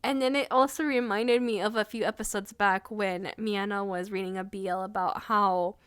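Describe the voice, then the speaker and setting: A woman's voice: medium pitch, steady tone, normal speed, fairly bright tone, clean tone, no room sound, studio quality. A woman reviewing an anime episode in a casual, gushing and emotional way, with lots of fillers.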